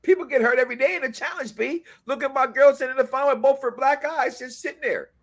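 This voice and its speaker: A man co-hosting a live review stream, joking in animated, loud-and-soft bursts. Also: extremely high pitch, quick pace. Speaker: co-host of a reality show review.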